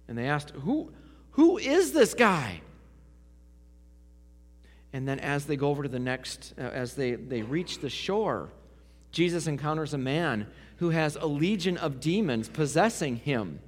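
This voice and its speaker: Preacher man in a reverberant hall. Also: medium pitch. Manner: dramatic swings from loud to hushed. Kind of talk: sermon.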